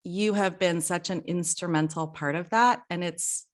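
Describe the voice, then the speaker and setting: A middle-aged woman hosting a podcast, talking in a casual, heartfelt way, emotional and quick to laugh. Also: fairly low pitch. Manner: warm, emotional, laughs often. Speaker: podcast host.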